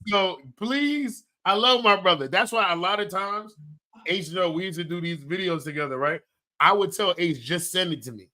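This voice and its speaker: A man in his thirties co-hosting a casual podcast, telling animated stories and acting out quotes. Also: high voice, moderate pace. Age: 30s. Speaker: podcast co-host. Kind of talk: casual chat.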